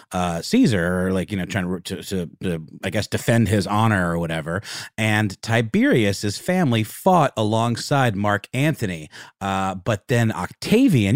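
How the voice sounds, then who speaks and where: A man's voice: lowish voice, no room sound, clean studio sound. A man co-hosting a casual history podcast, rambling with lots of fillers. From Augusta, Georgia, US. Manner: rambling, many fillers and restarts. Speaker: podcast co-host.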